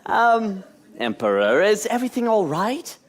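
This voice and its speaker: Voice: mid-range voice, very animated, unhurried. An actor playing an eager, nervous male officer in a stage musical parody, fawning and hesitant with his boss. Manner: obsequious, hesitant.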